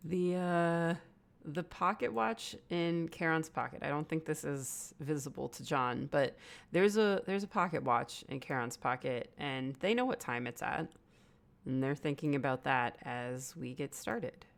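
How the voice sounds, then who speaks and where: A woman running a tabletop role-playing game as game master, chatty and relaxed, thinking aloud as she explains the rules. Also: sits low, unhurried, gravelly.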